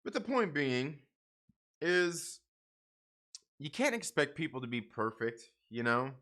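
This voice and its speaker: A man's voice: fairly high pitch, big pitch swings, slow pace, sharp tone. A middle-aged man hosting a casual livestream, speaking bluntly and profanely, rambling with frequent restarts. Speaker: comic book channel host.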